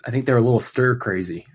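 A man's voice: medium pitch, moderate pace, husky. A man co-hosting a podcast in casual chat, teasing and joking crudely while often breaking into giggles. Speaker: podcast co-host.

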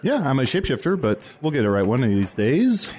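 A man plays a sweet, earnest badger guard in an improvised fantasy podcast. His voice runs lively up and down as he chats eagerly with his friends. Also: medium pitch, a little fast, lightly acted. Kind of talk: comedic improvised fantasy role-play.

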